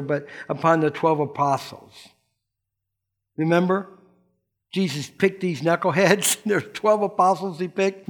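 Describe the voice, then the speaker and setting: A middle-aged male pastor giving a casual, slangy sermon and acting out the people in the story. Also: a little high. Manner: folksy, slangy, acts out quotes.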